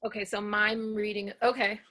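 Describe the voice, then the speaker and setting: A woman comedian doing a deadpan stand-up bit and banter, with a hesitant delivery full of ums. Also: medium pitch, normal speed. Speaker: comedian guest.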